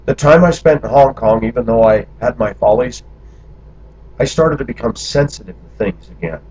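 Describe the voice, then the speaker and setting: Man from the United States, mid-pitched and husky, candid storytelling monologue, muffled lo-fi sound. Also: normal speed, darkish tone. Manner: candid, talks through memories in long run-on stretches. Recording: dull lo-fi recording.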